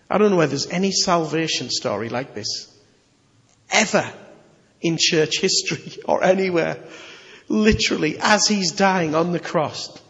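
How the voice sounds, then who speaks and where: Animated preacher in an echoey hall. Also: male voice, a little high, vocal fry. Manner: animated, conversational, emphatic. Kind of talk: sermon. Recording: echoey hall, slightly dull.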